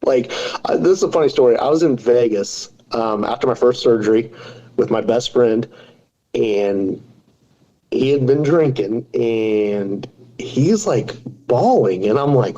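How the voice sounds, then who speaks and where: A man's voice: mid-range voice, expressive, moderate pace, dark tone, lo-fi sound. A man in his forties, a podcast guest, talking casually and telling self-deprecating jokes. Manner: joking, self-deprecating storyteller. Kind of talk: casual interview talk.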